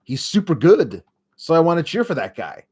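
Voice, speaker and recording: A man's voice: a little high, very animated, moderate pace, darkish tone, slightly rough. Sarcastic man recapping wrestling casually. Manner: sarcastic, mocking impressions of wrestlers. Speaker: podcast host.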